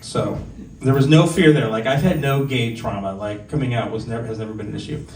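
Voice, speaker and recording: A man's voice: mid-range voice, brisk, a little mellow, slight background noise. Man telling stories at open mic. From Southern California. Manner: candid, conversational, self-deprecating storytelling. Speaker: stand-up comedian. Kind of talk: stand-up comedy set. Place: bar stage at an open mic night. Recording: echoey room, distant mic, faint ambience.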